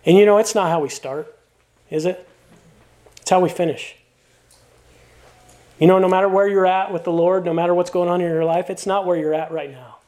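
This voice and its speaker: Male pastor, middle-aged, high pitch; sermon with warm stories and strong calls to finish well. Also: a little fast, pauses often. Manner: storytelling with playful asides; earnest, encouraging exhortation.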